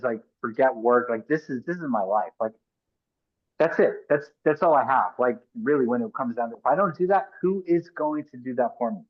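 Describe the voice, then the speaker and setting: Middle-aged male podcast guest, earnest and emphatic, mid-pitched, dull lo-fi sound. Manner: earnest, emphatic, talks in rapid restarts and asides. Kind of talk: conversational interview storytelling.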